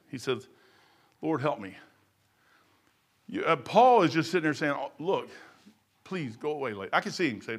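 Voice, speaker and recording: A middle-aged man preaching a sermon in a folksy, emphatic way, swinging from loud to low.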